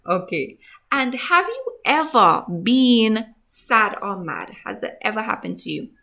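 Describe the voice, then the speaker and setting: A woman teacher slowly sounding out letters and words in a gentle, encouraging phonics lesson for young children. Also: on the high side, sing-song, creaky. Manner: gentle, encouraging, asks questions to young pupils. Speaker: grade one teacher.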